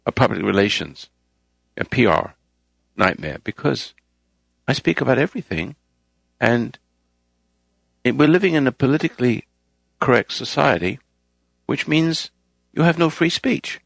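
Man, talk host, gravelly, lowish voice, preachy rambling monologue, dry close sound. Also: lively intonation, a little slow, pauses often, dry recording. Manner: rambling, moralizing, raises his voice for emphasis. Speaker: radio show host.

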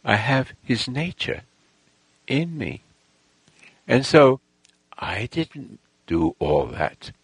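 A man telling a rambling, boastful personal story, halting with restarts and lost threads. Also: mid-range voice, sing-song, vocal fry, slightly rough, dry recording, low-quality recording. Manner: boastful, self-assured storytelling.

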